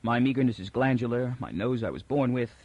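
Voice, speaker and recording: A man voicing a calm, controlled mutant villain who speaks tolerantly and with quiet menace. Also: mid-range voice, brisk, muffled recording. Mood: calm commanding.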